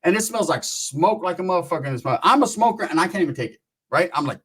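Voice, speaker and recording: A man telling a profane comic anecdote in an animated way, often tossing in a quick question to the listener. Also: fairly high pitch, breathy edge. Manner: profane, animated, keeps asking "right?". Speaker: storyteller.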